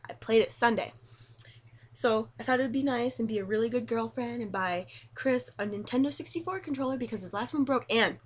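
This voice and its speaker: Husky young woman ranting about games. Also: fairly high pitch, a little fast. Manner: animated, laughing, swearing, jumps to squealed quotes. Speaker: gaming vlogger. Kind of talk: casual rant to camera.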